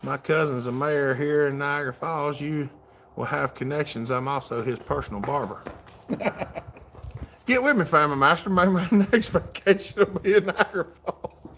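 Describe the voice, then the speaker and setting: At a moderate pace and in a slightly high, fairly bright voice, a Southern man reads out viewer comments during a casual livestream, drawling in a folksy way. There's slight background noise.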